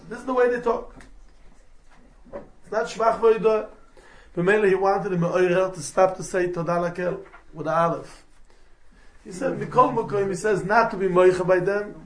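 A rabbi with a high-pitched voice gives a Torah lecture on halacha, explaining point by point. He mixes English with Hebrew and Yiddish terms, and there's slight background noise.

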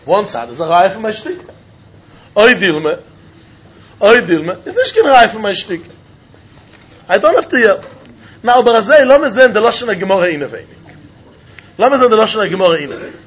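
High-pitched guy, sing-song talmud lecture, lots of laughing, kinda husky. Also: sing-song, fairly quick, pauses often. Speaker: Talmud teacher. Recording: dull lo-fi recording.

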